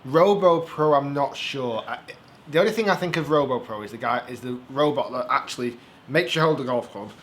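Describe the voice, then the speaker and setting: A young man from the United Kingdom, a golf coach co-hosting a casual Q&A. He talks in a chatty, halting way with frequent restarts. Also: medium pitch, a bit bright, slight background noise. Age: young adult. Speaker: golf coach and show co-host. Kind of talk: casual Q&A chat.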